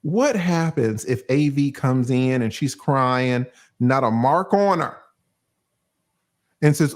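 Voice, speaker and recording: A man hosts a casual legal breakdown on a livestream, animated and blunt and quick to curse. His voice sits a little high for a man and swings up and down as he acts out quick asides. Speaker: livestream host, lawyer.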